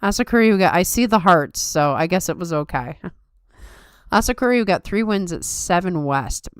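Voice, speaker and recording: Low, smooth-voiced woman chatting. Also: animated, normal speed, no echo, clean studio sound. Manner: chatty, upbeat, reads chat aloud. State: tired late at night. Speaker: podcast host. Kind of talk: casual live-stream chat.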